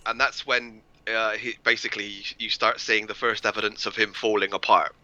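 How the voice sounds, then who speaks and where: A man co-hosting a film podcast over a remote call, chatting in an animated way and quoting characters. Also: fairly low pitch, normal speed, no room sound, dull audio. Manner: animated, laughs, quotes characters. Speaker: podcast co-host. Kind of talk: casual film review chat.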